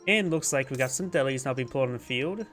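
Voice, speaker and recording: A man's voice: medium pitch, animated, fast, a bit bright, faint music behind. A man with a stuffy, congested nose giving casual live commentary on a strategy game, thinking aloud and correcting himself as he goes. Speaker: game caster.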